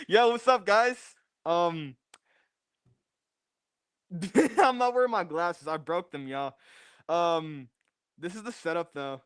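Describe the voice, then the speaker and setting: Young male streamer, restless and repetitive; high-ish voice, smooth and clean on a dry close mic. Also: animated, slow pace, pauses often, fairly bright tone, dry recording. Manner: restless, repeats phrases while fiddling with gear. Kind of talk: casual livestream chat. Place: home garage. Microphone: new desk microphone.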